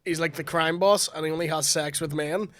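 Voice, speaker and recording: A man, hoarse from illness, guesting on a podcast and making dry, deadpan jokes. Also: fairly high pitch, fairly quick, dry recording. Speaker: guest comedian.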